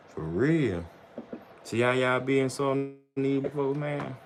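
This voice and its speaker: A man's voice: mid-range voice, lively intonation, takes it slowly, slight background noise. A man chatting casually on his livestream in loose slang, rambling and often tossing in "bro" and "you know what I'm saying". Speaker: vlogger on a livestream.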